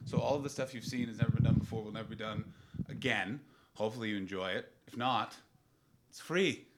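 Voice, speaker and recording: A man's voice: on the low side, slight background noise. A man in his thirties from Canada, hosting a live improvised comedy podcast and doing crowd work in a small room, riffing brashly with lots of swearing. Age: 30s. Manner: brash, profane, rapid riffing that bursts into shouting.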